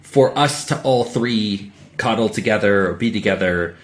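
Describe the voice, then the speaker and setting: Male host; relaxed, reflective chat, lots of "you know", quick to laugh. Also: fairly low pitch. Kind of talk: casual chat.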